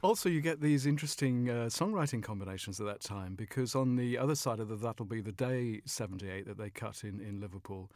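British man, measured music storyteller. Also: fairly low pitch, darkish tone, dry recording, studio quality. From Britain. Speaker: music journalist. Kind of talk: conversational discussion.

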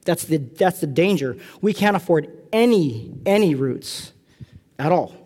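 Animated preaching man from California. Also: fairly high pitch, a little slow. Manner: animated, self-deprecating storytelling. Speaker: pastor. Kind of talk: sermon.

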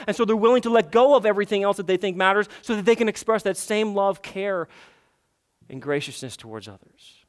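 High-voiced impassioned male preacher. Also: expressive, fairly quick. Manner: impassioned, rising to emphatic peaks; rhetorical questions to the congregation. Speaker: pastor. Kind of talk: sermon.

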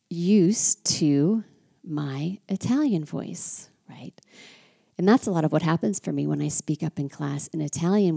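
A woman from the United States, a French teacher hosting a podcast, talking reflectively and drawing out key words slowly. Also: low-pitched, creaky, dark tone.

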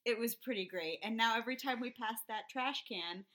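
A woman co-hosting a comedy podcast, telling stories with a teasing, animated manner. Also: on the high side, brisk. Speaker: podcast co-host. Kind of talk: casual comedic chat.

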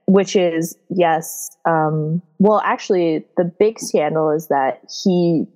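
A woman's voice: lowish voice, slow pace, a little mellow, low-quality recording. A woman co-hosting a casual podcast, recapping a book in a rambling way with lots of fillers and giggles. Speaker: podcast co-host.

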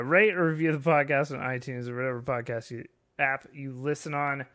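A man's voice: mid-range voice, steady tone, brisk, fairly bright tone. A man hosting a casual live-streamed podcast, joking, swearing and laughing often. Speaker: podcast host.

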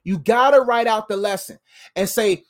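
A man giving a casual motivational sermon, animated and playful, repeating phrases and calling the audience fam. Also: high-pitched, moderate pace.

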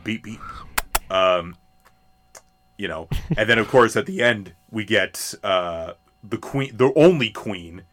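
Animated rambling man, lively pitch. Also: slow pace, long pauses. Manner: rambling, animated, many fillers and restarts. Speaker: podcast co-host. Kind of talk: casual movie discussion.

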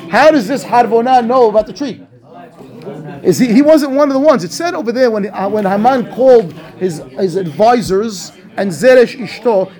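A man, a rabbi, teaching a class on a scriptural text, asking questions and answering them himself in a lively way. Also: high voice. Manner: animated, asks and answers his own questions. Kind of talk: Torah class commentary.

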